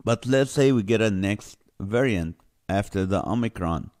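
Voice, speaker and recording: A man's voice: fairly low pitch, moderate pace, few pauses. Joking man hosting a live chat. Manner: lively, joking, reads viewer comments aloud. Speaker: livestream host. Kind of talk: casual live chat greeting viewers. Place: home in California.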